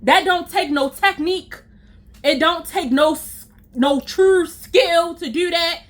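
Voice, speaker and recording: Young woman venting a storytime, high voice, cussing, fed up, talking to y'all. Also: slow. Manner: exasperated, blunt and profane, talks straight to "y'all". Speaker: storytime vlogger. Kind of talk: casual storytime rant to viewers.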